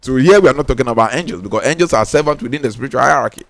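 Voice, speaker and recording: A man's voice: mid-range voice, animated, gravelly, fairly bright tone, dry recording, clean studio sound. A man with a Ghanaian accent gives a spiritual teaching talk, emphatic and insistent, repeating his key lines for stress. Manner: insistent, drawn-out stressed words.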